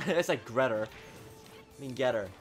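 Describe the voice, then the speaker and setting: A man giving excitable live commentary while playing a video game, talking at the screen and swinging from low mutters to sudden shouts. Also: takes it slowly, husky, faint music behind. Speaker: gaming channel host.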